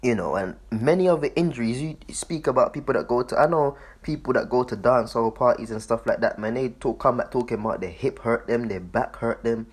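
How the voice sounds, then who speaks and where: A man's voice: medium pitch, fairly quick, hardly any pauses, breathy edge. A man giving loose, profane commentary on a video, laughing often and repeating himself. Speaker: online commentator.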